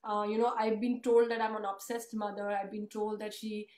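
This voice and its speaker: A woman's voice: mid-range voice, flat delivery, moderate pace, darkish tone. A woman telling an emotional family story in earnest, conversational tones during an interview. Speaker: host and author. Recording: roomy echo.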